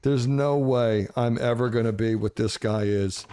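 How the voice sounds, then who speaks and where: A man telling a wild story in a casual, animated, swearing style, often laughing. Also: mid-range voice, unhurried, clean tone.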